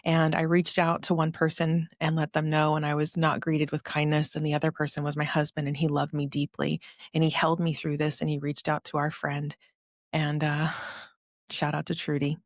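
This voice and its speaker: Woman around forty, podcast host, earnest confessional testimony; low voice, dry close sound. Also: monotone, normal speed, dry recording. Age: about 40. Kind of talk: personal testimony storytelling.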